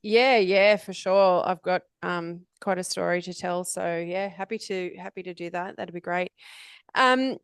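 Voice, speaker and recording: A woman's voice: fairly low pitch, measured pace, clean tone, no room sound, clean studio sound. A woman podcast host talking enthusiastically about spirituality in a casual interview over a video call, laughing often.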